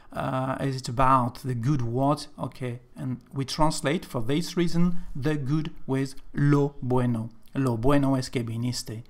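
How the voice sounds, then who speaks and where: Slow-paced male language teacher. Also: medium pitch. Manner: slow, careful explaining, slightly non-native English phrasing. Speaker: Spanish teacher. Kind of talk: language lesson narration.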